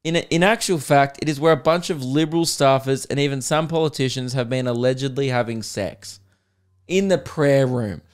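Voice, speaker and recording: A man's voice: mid-range voice, moderate pace, smooth. A young Australian man hosting a podcast, ranting crudely and sarcastically between laughs. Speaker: podcast host and comedian. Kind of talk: casual comedic rant.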